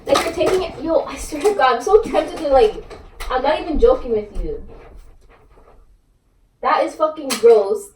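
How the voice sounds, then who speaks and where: A woman's voice: high-pitched, animated, moderate pace, pauses often, distant mic. Heated young woman. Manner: confrontational and heated, lots of slang and cursing. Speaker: wife confronting her husband in a prank video. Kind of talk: heated home argument, swearing. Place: home. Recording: echoey room, voice from across the room, faint noise.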